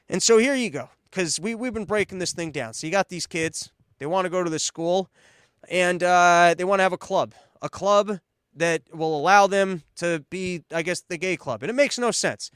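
A man's voice: high-pitched, normal speed, a bit bright, clean tone, no room sound, studio quality. A man giving a sarcastic, profane political monologue and mocking others in put-on voices. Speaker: political commentator. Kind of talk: opinionated monologue.

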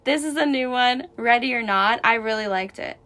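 A woman co-hosting a relaxed podcast, bubbly and playful as she talks through favourites. Her voice sits high and sounds bright. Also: normal speed. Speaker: podcast co-host. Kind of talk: casual chat.

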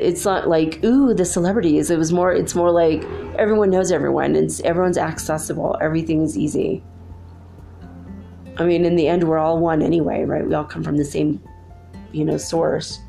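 A woman's voice: deep voice, gravelly, dark tone. A middle-aged woman hosting a spiritual talk, telling a story in a rambling, chatty way with many fillers. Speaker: spiritual video host. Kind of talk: casual storytelling monologue.

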